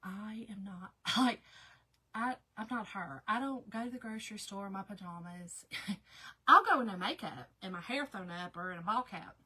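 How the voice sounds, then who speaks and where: Chatty woman, bright and husky. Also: medium pitch, normal speed, low-quality recording. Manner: chatty, talks to viewers by name. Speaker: craft livestream host. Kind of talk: casual chat.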